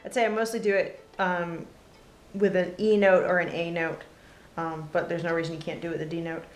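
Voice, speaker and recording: A woman's voice: lowish voice, fairly quick, soft background music. Woman teaching fiddle, roomy sound. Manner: relaxed, lots of ums, talks between demonstrations. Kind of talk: casual music lesson. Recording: roomy with loud fiddle playing. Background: fiddle playing.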